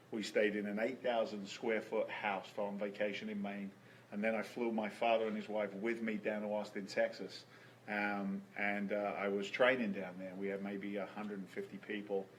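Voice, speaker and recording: A man's voice: lowish voice, a little hiss or hum, poor audio. Man telling stories in an interview. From England. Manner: storytelling, repeats words as he restarts. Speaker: guest. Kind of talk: casual interview chat.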